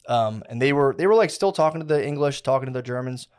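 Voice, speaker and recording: A man's voice: mid-range voice, animated, fast, a little mellow, clear, resonant tone. A man in his thirties co-hosting a casual podcast, telling a long history story with slang, swearing and many restarts. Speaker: podcast co-host.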